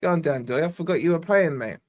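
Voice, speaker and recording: A young man from Scotland hosting a live fan watch-along, giving exasperated, chatty play-by-play and reading out viewer shout-outs. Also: on the high side, fast. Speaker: fan channel host.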